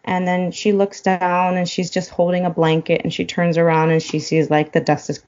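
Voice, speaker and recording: A woman's voice: on the low side, flat delivery, moderate pace, a little mellow, muffled recording. A woman guest in a casual chat, retelling a film plot and getting choked up as she goes. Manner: emotional, choked up while retelling. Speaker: podcast guest.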